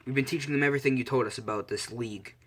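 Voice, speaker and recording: A man's voice: mid-range voice, rapid-fire, fairly bright tone, natural voice. A man voicing a guarded, blunt adult male hero who teaches a class. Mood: wary.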